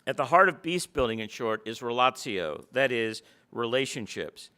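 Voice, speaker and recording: A man's voice: medium pitch, expressive, normal speed, sharp tone. A man giving a public lecture, mixing stories into his talk. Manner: anecdotal, storytelling.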